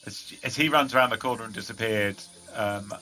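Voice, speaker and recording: Game master, male, lowish and bright, narrates with restarts, faint insect noise behind. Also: brisk. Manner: descriptive with frequent restarts.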